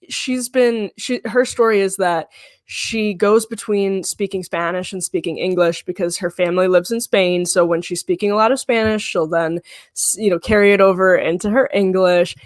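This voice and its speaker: A woman co-hosting a casual political chat, animated, laughing often and talking quickly. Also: lowish voice, dry recording, clean studio sound. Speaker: culture editor and co-host.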